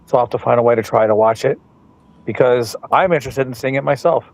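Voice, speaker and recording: A man co-hosts a podcast in casual chat. He rambles and pauses often, and his voice stays at an ordinary middle pitch. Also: gravelly. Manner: rambling, hesitant, full of ums. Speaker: podcast co-host.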